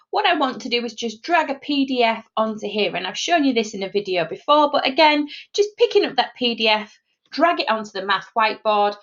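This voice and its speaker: A woman's voice: fairly high pitch, vocal fry, a bit bright. A woman who teaches math explains a whiteboard tool step by step in a screen-recorded tutorial. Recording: dull lo-fi sound.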